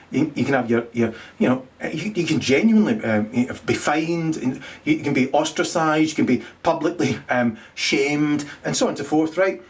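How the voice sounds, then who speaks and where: A middle-aged comedian with a medium-pitched voice runs through a rambling, crude stand-up set. He swears a lot, stumbles and restarts, and laughs at his own jokes.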